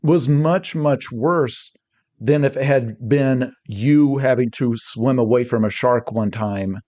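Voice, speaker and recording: A man talking as a podcast guest, energetic and rambling, often restarting his sentences mid-thought. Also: medium pitch, slow, lo-fi sound. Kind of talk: casual podcast discussion.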